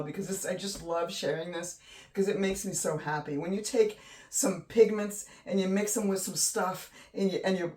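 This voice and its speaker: A woman hosting a casual painting tutorial, gushing and excitable, often trailing off mid-sentence. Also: on the low side. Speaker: art channel host. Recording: voice a bit distant from the mic.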